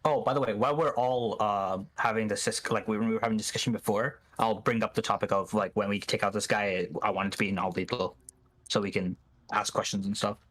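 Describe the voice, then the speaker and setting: A man's voice: lowish voice, steady tone, a little fast, a bit bright. A man playing a tabletop game with friends, eager and casual, swearing freely. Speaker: player.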